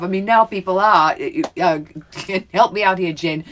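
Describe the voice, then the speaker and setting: A woman's voice: medium pitch, normal speed, a bit bright. Chatty giggly New woman. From New Zealand. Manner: chatty, giggly, self-mocking. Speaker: co-host. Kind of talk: casual chat. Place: home.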